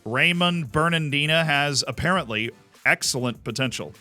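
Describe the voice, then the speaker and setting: A man's voice: a little high, normal speed, bright, forceful tone, soft background music. A man from Florida giving casual, enthusiastic commentary while streaming a game. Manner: chatty, enthusiastic, jokey asides.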